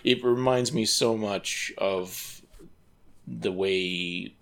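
A man co-hosting a podcast, rambling through a casual film discussion and breaking into quick impressions of characters. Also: lowish voice, gravelly. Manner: rambling, animated when mimicking characters. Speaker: podcast co-host.

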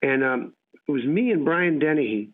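On a tinny radio line that sounds like a phone, an American actor guest rambles through anecdotes in a casual interview, voicing what others said. His voice is fairly high and expressive, at a moderate pace.

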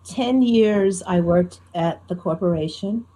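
Husky-voiced woman storyteller chatting. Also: on the low side, takes it slowly. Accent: faint New Jersey. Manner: animated, self-deprecating, tells anecdotes with quoted dialogue. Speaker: professional storyteller, interview guest. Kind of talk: conversational interview.

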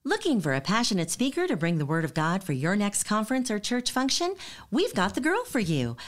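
A woman's voice: medium pitch, big pitch swings, a little fast, noisy background. A woman announcer reading a scripted promo in an upbeat, polished way.

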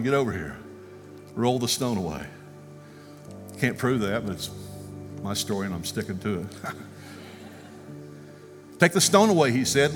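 Male preacher, storytelling sermon, animated, acts out quotes, church hall echo, faint music. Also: mid-range voice. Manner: animated storyteller, acting out quotes, ending in prayer. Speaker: guest speaker. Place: church sanctuary. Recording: long reverb, music faintly behind.

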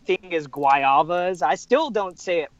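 Joking, higher-voiced man, dry close sound. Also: unhurried, no room sound, highs cut off. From Southern California. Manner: joking, profane, stumbling restarts. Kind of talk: casual chat.

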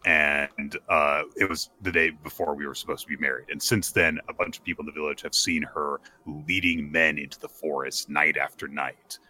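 A man voicing a grieving young villager who speaks in a low, flat, resigned way. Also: normal speed, few pauses, exaggerated voice, rough recording. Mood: gloomy.

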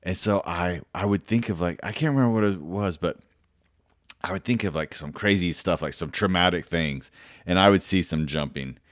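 A man's voice: low-pitched, moderate pace, no room sound, clean studio sound. A man casually telling a personal story, rambling and self-deprecating, with lots of fillers, restarts and swearing.

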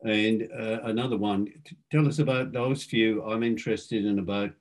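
A man hosting a podcast, asking a guest casual, halting questions. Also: lowish voice, steady tone. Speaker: podcast host.

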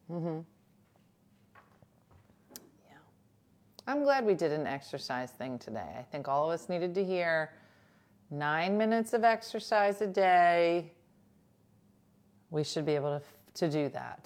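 A woman's voice: sits low, lively intonation, measured pace, long pauses, a little mellow. A woman hosting a talk show, chatting casually and joking with her co-hosts. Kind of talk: casual chat.

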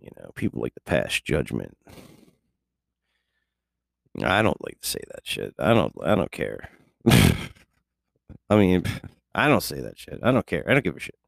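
A man with a very low, gravelly voice rambles through a casual monologue at an unhurried pace. He is laid-back and profane and chuckles often. The recording is dry and close, with no room sound. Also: wildly swooping pitch, no echo.

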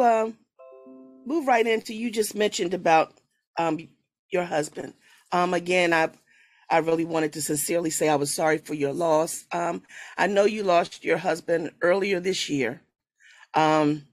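A woman hosting a podcast over a video call, affirming her guest often and asking questions warmly. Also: fairly low pitch. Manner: warm, affirming, many "okay" and "amen". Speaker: podcast host. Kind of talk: casual interview.

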